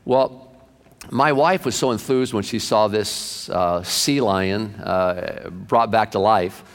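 A male pastor preaching a sermon through lively anecdotes, acting out the people in his stories. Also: on the low side, takes it slowly, creaky, in a large hall. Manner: animated anecdotes, acted-out quotes. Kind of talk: sermon storytelling.

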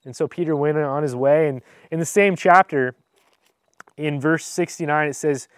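A man's voice: a little high, steady tone, moderate pace, clean tone, no room sound, studio quality. A pastor preaching a conversational sermon, speaking earnestly and informally, addressing his listeners directly with frequent restarts and rhetorical asides.

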